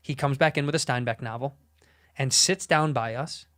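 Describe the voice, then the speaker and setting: A man telling a rambling, profane story in a casual, animated way. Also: medium pitch, moderate pace.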